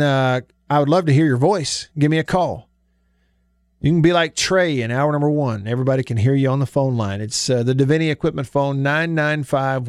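A man hosting a sports radio show, chatting in a folksy, easygoing way with drawn-out emphasis. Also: medium pitch, no echo, studio quality. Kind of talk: casual sports talk radio. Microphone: studio microphone.

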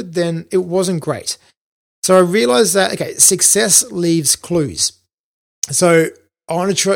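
A man telling a personal anecdote in an animated way, acting out the lines he remembers. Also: fairly high pitch, creaky. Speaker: storyteller recalling school work.

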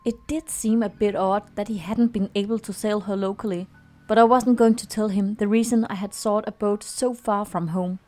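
A woman playing a student podcaster who chats hesitantly and then reads a ghost story aloud in a steady voice. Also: mid-range voice, normal speed, soft background music, natural voice. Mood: storytelling.

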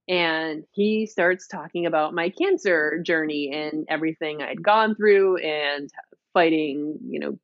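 Woman co-host, low voice, giggly rambling storytelling, dull dry lo-fi mic. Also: no echo. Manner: laughs often, rambling storytelling. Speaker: podcast co-host. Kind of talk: casual chat.

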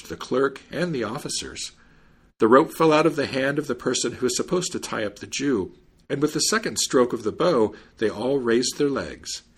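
A male storyteller reads a fairy tale with a husky, slightly breathy voice. His pitch swings lively up and down as he narrates with expression. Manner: expressive, animated reading. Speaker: podcast host and storyteller.

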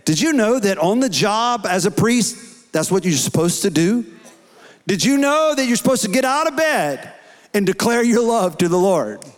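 Pastor, 30s, earnest sermon delivery, slightly high voice, long hall reverb. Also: male voice, sing-song, moderate pace. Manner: earnest preaching, rising to shouts in prayer. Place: church hall.

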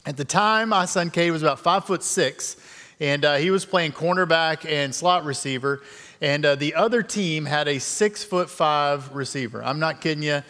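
A man's voice: on the high side, moderate pace, pushed and bright, in a large hall. A middle-aged man telling a personal story in a conversational, self-deprecating way as a guest speaker in a church sermon. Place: church sanctuary.

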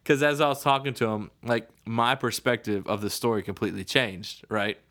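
A man's voice: mid-range voice, fairly even intonation, moderate pace, a bit bright. A man in casual podcast chat, telling a story with lots of laughter and frequent "right?" asides.

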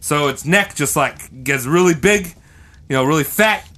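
A man's voice: on the high side, normal speed, pushed and bright. A man co-hosting a comedy podcast, telling an improvised story in a rambling, giggly, slangy way. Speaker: podcast co-host.

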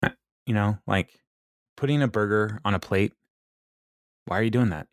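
Male podcast co-host with a fairly low voice; chatty sitcom recaps, frequent laughter, dry booth sound. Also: moderate pace, no echo. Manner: laughs often, quotes characters in animated voices. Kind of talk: casual chat.

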